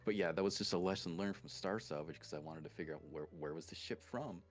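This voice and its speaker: A man's voice: deep voice, quick pace, faint music behind. A man on a voice call, a game mod creator thoughtfully explaining his ideas in casual chat.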